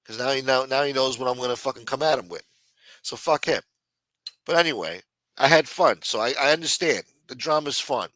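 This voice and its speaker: The livestream host speaks briskly, his medium-pitched voice sharp in tone and the recording dry. He swears casually while chatting with viewers and plays out the quotes from the stories he shares.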